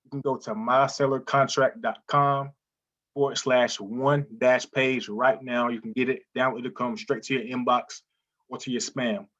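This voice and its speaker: A man teaching real estate wholesaling in a live webinar, energetic and repetitive, often saying "listen, man". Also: mid-range voice, moderate pace, muffled recording.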